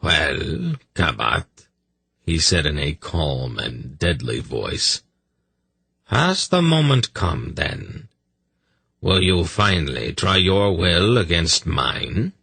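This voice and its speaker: A male audiobook narrator voicing a menacing older male sorcerer-priest who speaks in a calm, deadly, mocking way. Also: rumbling low, breathy edge, no echo, pitched below the performer's own voice, heavily acted. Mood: quietly menacing. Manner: slow, cold, mocking. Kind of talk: audiobook character reading.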